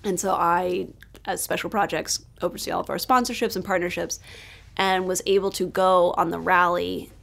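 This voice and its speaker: A woman from Charleston, chatting as a podcast guest in an animated storytelling way, with lots of "like.". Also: lowish voice, normal speed, creaky. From Charleston, South Carolina, US. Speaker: podcast guest, special projects lead. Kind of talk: casual chat.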